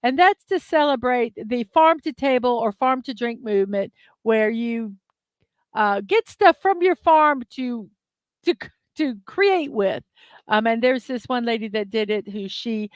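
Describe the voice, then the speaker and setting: Woman livestream host, chatty and giggly with viewers, unhurried delivery, dry room. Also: a little high, lively intonation, no echo. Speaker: host of a daily morning livestream. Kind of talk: casual live-stream chat.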